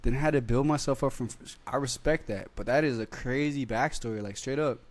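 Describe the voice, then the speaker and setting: A man's voice: mid-range voice, fairly quick. A young man hosting a podcast in casual chat, talking loosely with lots of slang. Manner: laid-back slang-heavy talk. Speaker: podcast host.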